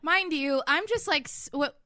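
A woman's voice: sits high, expressive, a little slow, bright, forceful tone, no room sound, clean studio sound. A young adult woman co-hosting a podcast in casual chat, chiming in and retelling moments with quoted voices. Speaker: podcast co-host. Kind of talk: casual chat; reads the sponsor ad.

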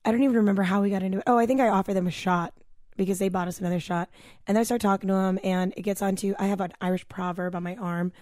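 A woman's voice: medium pitch, very fast, no room sound, clean studio sound. A young woman co-hosting a podcast, telling a night-out story bluntly with plenty of swearing. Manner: blunt, swears freely, animated retelling. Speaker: podcast co-host. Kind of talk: casual chat, storytelling.

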